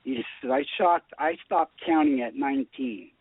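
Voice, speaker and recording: A man telling his story in a casual radio chat, animated and acting out the dialogue. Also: fairly high pitch, moderate pace, husky, no echo. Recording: tinny phone line.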